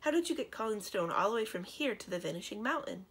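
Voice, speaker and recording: A bold young princess, earnest and quick to insist on the truth, played by a woman reader. Her voice comes out eager and a little husky, read aloud from a storybook. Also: mid-range voice, lively intonation, pitched above the performer's own voice. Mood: eager insistent.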